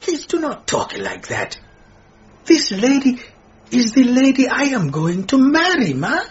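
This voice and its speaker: This is a gentle, timid middle-aged man in a radio play, as a performer plays him. He speaks very slowly and pleadingly, and his pitch rises and falls a lot. The recording sounds muffled. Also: huge pitch swings. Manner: hesitant, pleading, soft-spoken.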